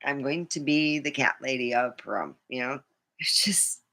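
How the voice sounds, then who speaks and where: A woman's voice: extremely low pitch, moderate pace, sharp tone. A middle-aged woman vlogging in a meandering casual monologue, full of fillers and frequent laughter.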